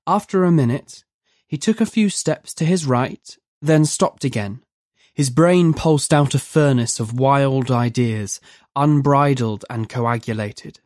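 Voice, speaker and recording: A narrator reading a dark horror story aloud in a measured, vivid storytelling manner. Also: medium pitch, dry recording, clean studio sound. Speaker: narrator of a horror audio drama.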